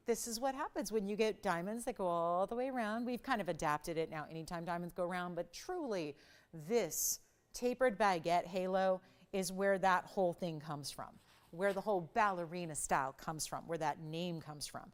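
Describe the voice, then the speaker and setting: Female shopping-channel host, smooth resonant voice, upbeat chatty sales patter. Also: fairly low pitch, normal speed. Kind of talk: live home shopping sales pitch.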